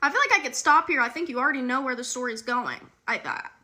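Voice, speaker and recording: A woman's voice: high-pitched, fast, sharp tone. A young woman chatting candidly with the viewer in a casual storytime. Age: young adult.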